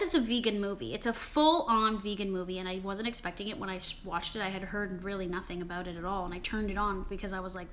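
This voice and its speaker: A woman's voice: medium pitch, bright, forceful tone. A young woman hosting a live-stream Q&A about her cookbook, talking casually, with lots of "like" and frequent swearing. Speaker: cookbook author and vegan food channel host.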